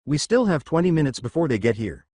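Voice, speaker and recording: Casual: dude doing a soft reassuring teen boyfriend, soothing, voice bounces around a lot, dry close recording. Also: male voice, on the high side, big pitch swings, fast talker, no room sound. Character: gentle reassuring teenage boyfriend.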